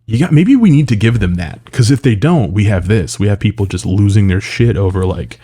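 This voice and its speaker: Low, mellow-voiced man ranting profanely. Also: lively intonation, a little fast, breathy edge. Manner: profane, exasperated, sarcastic, lots of filler words. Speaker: commentator. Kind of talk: casual ranting commentary.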